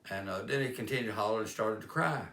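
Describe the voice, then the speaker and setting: A man's voice: fairly low pitch, fast talker, fairly bright tone. A man telling homespun stories about kindness in a plain-spoken, rambling way. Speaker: life-lessons speaker. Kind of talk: folksy storytelling monologue. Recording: roomy echo.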